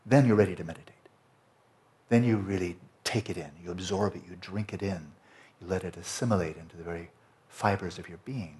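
A man teaching a Buddhist Dharma talk, explaining slowly and lingering over Tibetan and Sanskrit terms. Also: sits low, mellow. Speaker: meditation teacher.

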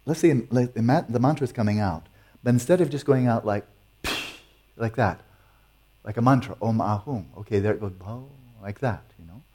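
A man with a mid-range, darkish voice and a brisk delivery teaches meditation and takes audience questions. He is playful and teasing, chuckling often.

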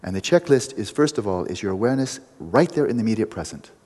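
Meditation teacher guy, husky, jokey between the instructions, big reverby hall. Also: lowish voice, lively intonation, fast, warm tone. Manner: playful, joking asides within instruction. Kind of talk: retreat teaching talk.

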